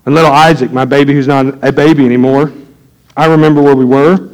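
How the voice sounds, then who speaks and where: A middle-aged pastor with an ordinary mid-pitched, slightly mellow voice preaches quickly with fairly even intonation. He tells homely family stories and speaks directly to the pews, shifting from folksy asides to earnest preaching.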